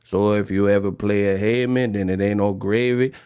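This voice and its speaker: A man voicing a swaggering New Orleans street guy with a deep, drawling put-on New Orleans accent. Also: steady tone, moderate pace, a little mellow, clear, resonant tone, dry recording, clean studio sound, close to an everyday voice. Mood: boastful.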